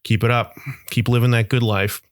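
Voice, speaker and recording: A man's voice: mid-range voice, level tone, moderate pace, no echo, clean studio sound. A young adult man hosting a podcast, telling rambling, self-mocking comic stories in a monologue. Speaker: podcast host.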